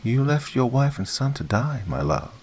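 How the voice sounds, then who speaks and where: A man's voice: mid-range voice, animated, moderate pace, a little mellow, slight background noise, voice pushed up, lightly acted. A man voicing a dead wife who speaks sweetly but coldly accuses her husband. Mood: bitter. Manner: sweet turning scornful.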